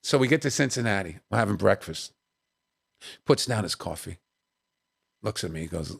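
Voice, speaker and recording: A man's voice: lowish voice, normal speed, creaky, husky. A man, a comedian guest in a podcast studio, telling stories, acting out the voices in them and often adding "you know what I mean". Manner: animated, acts out the voices in his stories. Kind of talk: storytelling anecdotes in an interview.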